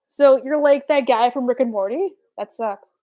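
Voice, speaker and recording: A woman's voice: high voice, mellow, dull audio. Chatty young woman, rambling fan Q&A. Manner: rambling, filler-heavy, quick quoted asides. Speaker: streamer answering fan questions. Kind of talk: casual live Q&A chat.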